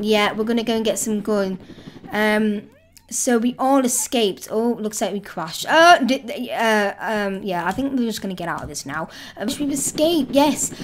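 Lively, excitable woman gaming host. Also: medium pitch, moderate pace, a little hiss or hum. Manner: excitable, chatty, thinking aloud. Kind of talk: casual let's-play commentary.

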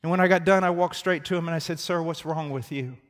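Male preacher, high-voiced, storytelling sermon that swings from hushed to shouting, reverberant church hall. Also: fast.

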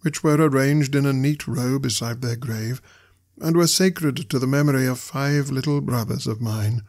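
A man reading a classic novel aloud as an audiobook narrator, with measured storytelling delivery. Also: medium pitch, a little mellow.

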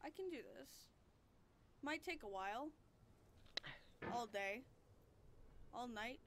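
Woman gamer cussing at her game, high voice, talks slow between rants. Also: animated, noisy background. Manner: exasperated, cursing at the game. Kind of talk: let's-play commentary.

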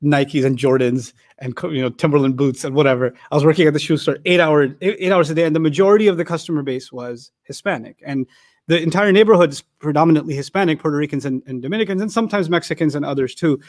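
A man's voice: fairly high pitch, quick pace, a little mellow, no echo, clean studio sound. A middle-aged man giving a Quran lecture, telling stories in a humorous, conversational way. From Pakistan. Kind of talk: storytelling sermon lecture.

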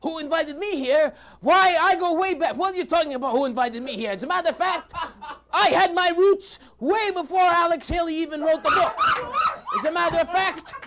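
A man playing a loud, insulting conservative debater in a TV comedy sketch, shouting and mocking with rhymes. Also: extremely high pitch, fairly quick, background noise. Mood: ranting. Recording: studio audience laughing loudly.

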